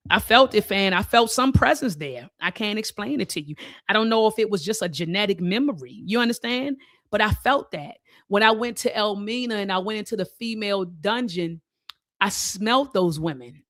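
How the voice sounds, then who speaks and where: A woman's voice: medium pitch, moderate pace, dry recording. Woman, talk show host, reads a document aloud, stresses key words, casual asides, dry close sound. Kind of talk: reading a document aloud with commentary.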